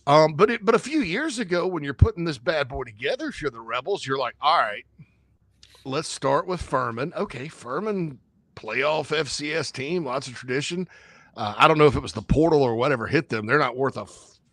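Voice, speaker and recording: A man co-hosting a casual sports talk show, rambling and joking with sudden jumps in pitch. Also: expressive, fairly quick, fairly bright tone, no room sound.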